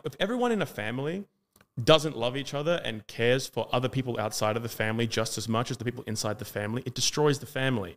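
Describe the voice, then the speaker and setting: A man from Australia with an Australian accent, arguing in a debate in long run-on sentences with frequent fillers. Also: medium pitch. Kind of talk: argumentative debate monologue.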